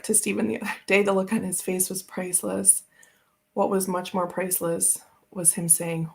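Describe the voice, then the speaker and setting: Woman, tarot stream host; low, gravelly, loose and chatty. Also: level tone, normal speed. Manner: chatty, rambling, laughs often. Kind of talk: casual live-stream chat.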